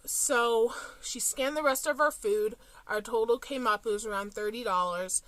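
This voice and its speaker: A young woman talks to her viewers in a chatty, casual vlog style, sprinkling in plenty of ums and likes. Her voice sits a little high and sounds bright and clear. The sound is dry and close. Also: moderate pace, no echo. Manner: chatty, with frequent "um" and "like". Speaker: couponing vlogger. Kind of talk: casual storytelling to camera.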